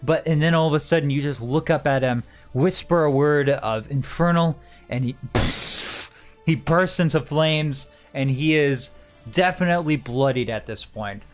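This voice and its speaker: A somewhat high-voiced man acts as game master for an online tabletop session, talking loosely and casually. He laughs easily and swears offhand while narrating. Faint music sits behind him. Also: unhurried.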